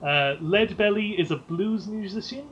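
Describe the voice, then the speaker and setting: A man's voice: high voice, moderate pace, dull audio, crowd noise. A man hosting a casual podcast game, playful and sweary, who laughs often. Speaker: podcast host running a name game. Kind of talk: casual chat.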